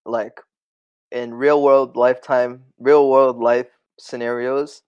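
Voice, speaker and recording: A man's voice: mid-range voice, flat delivery, takes it slowly, darkish tone, clean tone, dry recording, lo-fi sound. A young man co-hosting a podcast, chatting casually, joking and swearing. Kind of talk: casual chat.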